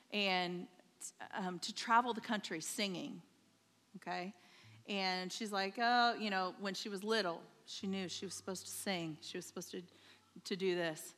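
A woman's voice: mid-range voice, fairly bright tone, long reverb tail. A woman preaching a sermon in church, telling a story and checking in with the congregation. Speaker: pastor's wife preaching. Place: church sanctuary.

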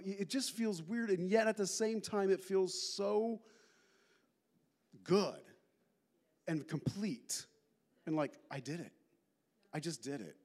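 A male pastor giving a conversational sermon, telling stories with lots of animated asides. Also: high voice. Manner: animated storytelling with many asides.

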